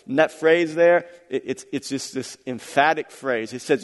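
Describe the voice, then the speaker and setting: A middle-aged man preaching a sermon, repeating phrases and swinging between quiet, intimate stretches and loud, emphatic climaxes. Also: medium pitch, normal speed, few pauses. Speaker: pastor. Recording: long hall reverb.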